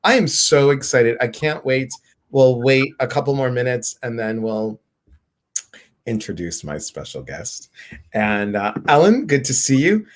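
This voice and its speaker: An excited, bubbly man hosting a casual live stream. He greets viewers one by one with lively enthusiasm. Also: medium pitch, unhurried.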